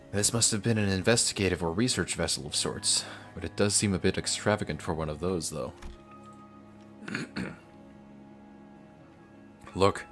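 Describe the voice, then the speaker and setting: Deep-voiced man reading game story aloud. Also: normal speed, soft background music. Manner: reads narration, jokes between lines. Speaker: streamer.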